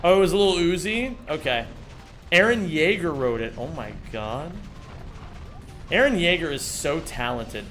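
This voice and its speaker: Animated high-voiced man streaming a speedrun. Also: a little slow, soft background music. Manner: reads chat aloud, swears, excitable outbursts. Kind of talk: casual live-stream chat.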